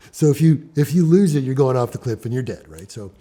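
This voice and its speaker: A man in an interview, telling a climbing story in a lively way that swings between hushed and loud passages. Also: medium pitch, moderate pace.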